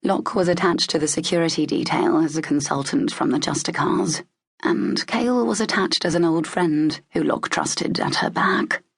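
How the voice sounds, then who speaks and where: A woman narrating a fantasy audiobook in a steady, even storytelling manner, with a husky, gravelly voice. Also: sits low, normal speed.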